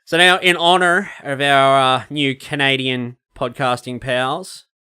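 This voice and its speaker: Sweary Australian podcast host. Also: male voice, mid-range voice, fairly even intonation, a little slow, sharp tone, smooth. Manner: profane, joking banter. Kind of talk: casual podcast chat.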